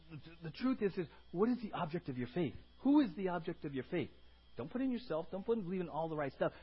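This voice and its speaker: A man's voice: high voice, husky, muffled recording. A man preaching a sermon as pastor, emphatic, repeating words and rising to cries.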